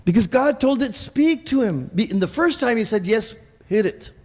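A man's voice: extremely high pitch, animated, normal speed, in a large hall. A man preaching a sermon in an emphatic, repetitive way, stumbling and restarting often. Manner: emphatic, repetitive, with many restarts and stammered repeats. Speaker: pastor.

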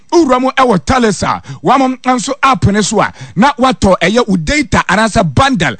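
A man's voice: sits high, fairly bright tone, dry recording. Sing-song Ghanaian male radio presenter. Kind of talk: sports news and ad reads.

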